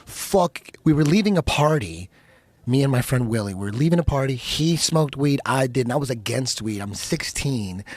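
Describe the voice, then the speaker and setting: A man in casual podcast chat, telling a story with lots of swearing, his voice jumping up when he gets excited. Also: moderate pace, no echo. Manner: animated storyteller, voice rising high when excited, laughing, swearing.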